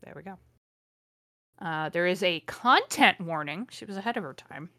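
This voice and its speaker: A woman's voice: fairly low pitch, animated, normal speed, sharp tone, no room sound, studio quality. A woman podcast host reading a fanfic aloud with amused, sarcastic commentary. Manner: amused, sarcastic, laughs often.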